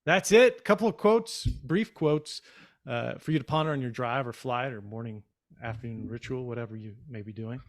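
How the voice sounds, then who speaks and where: A man co-hosting a financial podcast, chatting casually, then reading quotes slowly and signing off in an upbeat tone. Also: mid-range voice, steady tone. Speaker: podcast co-host. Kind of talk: casual podcast chat and scripted sign-off.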